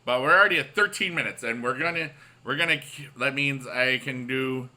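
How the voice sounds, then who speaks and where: Man, gaming channel host, bright tense voice, rambling upbeat late-night commentary full of fillers. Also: medium pitch, fairly quick. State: up late on caffeine. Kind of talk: casual gameplay commentary.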